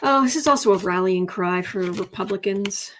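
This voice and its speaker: A woman giving a casual tarot reading, chatty, breaking off now and then to coo and whisper softly to her cat. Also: mid-range voice, moderate pace, slight background noise. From United States. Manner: chatty, drops to soft coos and whispers talking to her cat. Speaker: tarot reader.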